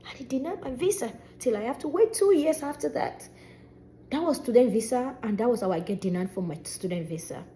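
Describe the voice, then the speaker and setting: A young Nigerian woman with a Nigerian accent, a singer and vlogger, telling her own story in a casual, animated way with bits of Pidgin. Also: fairly high pitch, brisk, slight background noise. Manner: animated, expressive retelling with Nigerian Pidgin touches.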